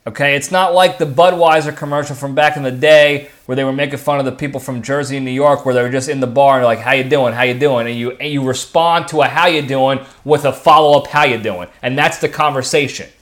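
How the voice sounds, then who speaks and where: A man's voice: mid-range voice, fairly even intonation, quick pace, few pauses. A man hosting his own podcast, talking casually on his own and often checking in with "okay" and "all right.". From lives in Texas. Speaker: podcast host. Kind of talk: casual solo monologue.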